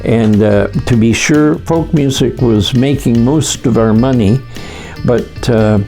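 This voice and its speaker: A man in his eighties, reminiscing in a documentary interview, telling stories unhurriedly with frequent pauses. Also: mid-range voice, creaky, warm tone, soft background music. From Canada.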